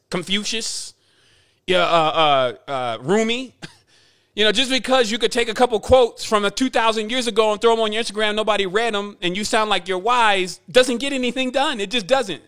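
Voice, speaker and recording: This man talks in a fairly high voice, circling back and repeating himself as he preaches a spiritual message. His delivery is emphatic, and he rambles as he goes, in the manner of a teacher speaking to his followers. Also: a bit bright, smooth. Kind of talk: spiritual monologue.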